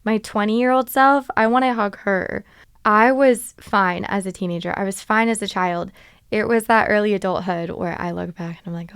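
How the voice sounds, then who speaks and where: Candid young woman podcaster, smooth voice. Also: medium pitch, normal speed, dry recording, clean studio sound. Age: 20s. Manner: animated, confessional, laughs at herself. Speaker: podcast host. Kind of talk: candid solo podcast talk.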